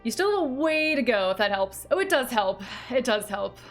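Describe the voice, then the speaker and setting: A woman's voice: on the high side, sing-song, moderate pace, faint music behind. A woman streamer chatting casually with her live chat, giggly and playful as she reads messages aloud.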